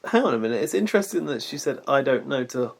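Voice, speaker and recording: A woman with a strikingly deep, husky voice jumps in with quick, dry comments. Her pitch swings a lot, and she talks fast. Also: sing-song. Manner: quick interjections and dry asides. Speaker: podcast co-host. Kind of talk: casual chat.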